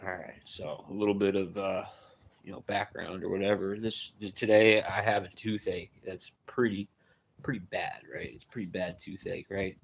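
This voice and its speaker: A man on a live stream, rambling through a story with many restarts and tag questions, getting louder and higher as he gets worked up. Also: moderate pace, gravelly, slight background noise. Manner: rambling, repeats "right?" and "dude", many restarts; grows loud and high-pitched when excited.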